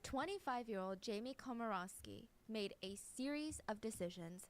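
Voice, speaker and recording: A woman's voice: on the high side, animated, normal speed. A woman telling a true crime story in a casual, chatty way and speaking to viewers directly.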